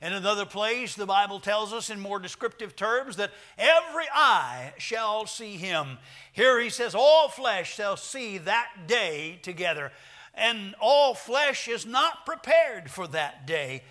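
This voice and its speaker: A male pastor preaching an earnest sermon, quoting scripture and rising to sudden loud calls. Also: sits high, very animated, a little slow.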